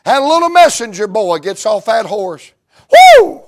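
High-voiced preacher. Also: male voice, sing-song, moderate pace, dry recording. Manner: storytelling, rising to shouts and sung phrases. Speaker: Baptist preacher. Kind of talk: revival sermon.

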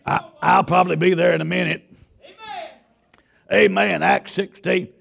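A man preaching a sermon in a church. He is a loud, folksy Baptist pastor who tells stories with stammering restarts. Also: high voice, steady tone, unhurried, creaky, slightly rough. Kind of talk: sermon with storytelling.

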